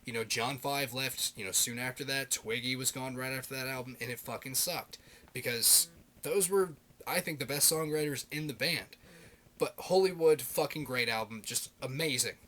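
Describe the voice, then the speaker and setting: A man in his thirties rambling excitedly in a casual video blog, swearing constantly and piling up fillers. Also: medium pitch, moderate pace, a little hiss or hum. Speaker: video blogger.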